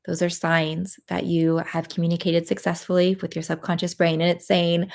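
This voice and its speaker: A woman leading a live guided tapping session, talking in a gentle, encouraging way with many pauses and fillers. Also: lowish voice, completely flat delivery, gravelly. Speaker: EFT tapping practitioner.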